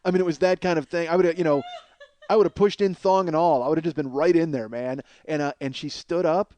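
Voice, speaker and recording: Excitable, foul-mouthed male comedian. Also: on the high side, quick pace. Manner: profane, excitable, laughs through the story. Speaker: comedian and podcast host. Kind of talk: comic storytelling monologue.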